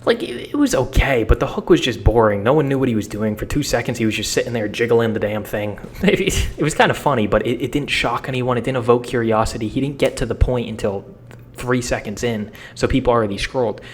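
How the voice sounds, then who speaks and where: A man's voice: medium pitch, brisk, slightly rough. Blunt, slangy young man coaching. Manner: energetic, blunt and slangy, with frequent repeats. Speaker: social media coach. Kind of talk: casual how-to talk.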